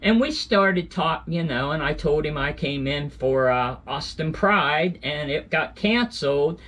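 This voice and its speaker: Guy vlogging about his trip, kinda high voice, rambles and backtracks a lot. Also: lively intonation, a little slow, a bit bright. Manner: rambling, with fillers and self-corrections. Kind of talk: casual storytelling to camera.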